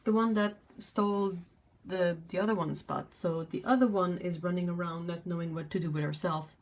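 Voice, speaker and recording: A woman's voice: lowish voice, steady tone, normal speed. A woman hosting a casual livestream, chatting in a rambling way with lots of fillers. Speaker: livestream host.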